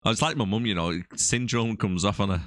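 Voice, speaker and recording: A man's voice: lowish voice, brisk, a bit bright, no echo, clean studio sound. A man co-hosting a movie podcast in casual banter, teasing and laughing often. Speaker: podcast co-host.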